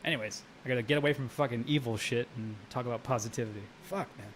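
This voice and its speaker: Fast-talking and fairly bright in a mid-range voice, this man rambles through stories on a live brewing stream, cursing, laughing and responding to chat in a casual way. A little hiss or hum sits under the audio.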